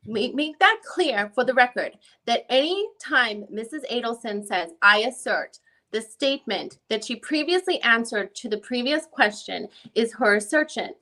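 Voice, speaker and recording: A female defense lawyer with a put-on Jamaican accent, as a woman reads her part, working through her questions formally and methodically. Her voice sits fairly high. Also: pushed and bright. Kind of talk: amateur dramatic reading.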